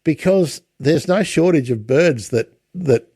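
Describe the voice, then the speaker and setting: A man hosting a casual interview, chatty, with lots of halting restarts. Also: on the high side, expressive, dark tone, husky, dry recording. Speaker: podcast host.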